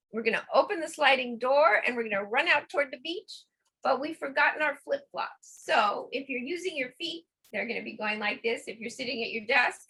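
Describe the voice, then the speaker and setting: A middle-aged woman leading a laughter yoga class, coaxing and playful, breaking into deliberate laughs. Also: fairly high pitch, sharp tone, slightly rough. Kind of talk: guided laughter exercise class.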